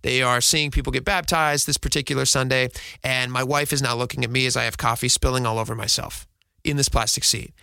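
A married man hosting a radio show, telling a self-mocking story in a casual, animated way and laughing now and then. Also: mid-range voice, fairly quick, gravelly, smooth, dry recording. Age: adult, married.

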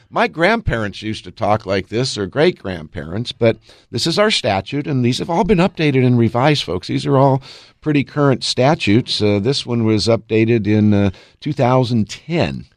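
A man's voice: mid-range voice, dry recording. A man hosts a law talk show on the radio. He is folksy with his listeners and his voice rises and falls a lot. He speaks close on a studio mic in a dry, dead room. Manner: animated and folksy, keeps addressing listeners as folks; reads legal statutes aloud slowly. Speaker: estate and elder law attorney, radio host.

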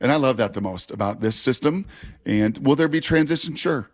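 A man in his forties, a former player, co-hosting sports talk radio and telling long, animated stories. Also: mid-range voice, fairly quick. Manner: animated, rambling storyteller.

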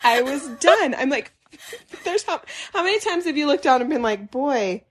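A young woman co-hosting a podcast, telling stories in an animated way, laughing and acting out quotes. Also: high-pitched, normal speed. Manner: animated, laughing storyteller who acts out quotes. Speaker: podcast co-host. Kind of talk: casual chat.

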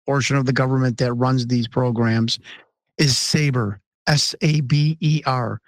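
A man's voice: medium pitch, no echo. An American man in his fifties from Chicago, a podcast guest speaking in an earnest, emphatic way with insistent questions. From Chicago, USA. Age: 50s. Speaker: interview guest. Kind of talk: podcast interview.

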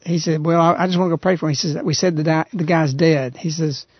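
A man hosting a radio talk show, earnestly retelling a story in a halting, conversational way. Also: on the high side, steady tone, breathy edge, no room sound. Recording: dull, lo-fi radio recording.

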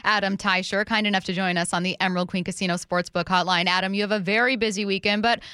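Bright-voiced woman radio host. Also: mid-range voice, fairly even intonation, quick pace, clean tone, no room sound. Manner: chatty, upbeat. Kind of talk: sports radio talk.

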